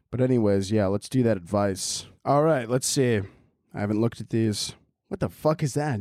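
A man hosting a podcast, swearing freely as he rants sarcastically through listener questions. His pitch leaps up and down constantly. The sound is close and dry, with no room around it. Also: a little mellow, no echo. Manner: profane, sarcastic ranting. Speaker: podcast host. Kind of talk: casual advice segment.

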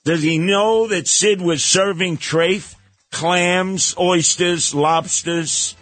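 A talk radio host, a man, tears into his targets with sarcasm and mockery. His voice sits a little high and sounds dry and close, with faint music underneath. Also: fairly even intonation, slow pace, a bit bright, no room sound. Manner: sarcastic, combative, mocking. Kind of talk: opinionated talk radio monologue.

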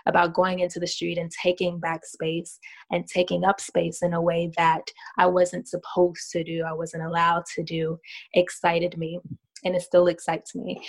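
Earnest, low-voiced woman telling her story. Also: poor audio. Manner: earnest and reflective, with frequent ums. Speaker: street artist. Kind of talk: personal storytelling monologue.

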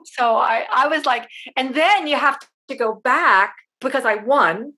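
Husky middle-aged woman telling stories. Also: high voice, sharp tone. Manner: chatty storytelling, halting restarts. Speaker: actress, interview guest. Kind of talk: casual interview chat.

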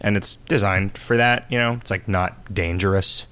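Man, very deep voice, casual podcast chat, rambling, laughs a lot. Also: fairly even intonation, normal speed, pushed and bright, clean tone. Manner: rambling, laughs often, crude jokes. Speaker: podcast co-host.

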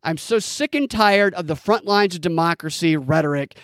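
Man, high voice, dry close sound, indignant mocking podcast rant. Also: moderate pace, a bit bright, no room sound. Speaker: podcast host. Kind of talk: solo political commentary.

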